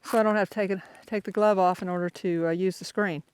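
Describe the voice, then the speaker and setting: On a foggy mountain trail, an older hiker vlogger from Florida chats casually into a handheld phone camera, rambling and poking fun at himself as he walks. His voice is high and steady and he talks fast, with slight background noise.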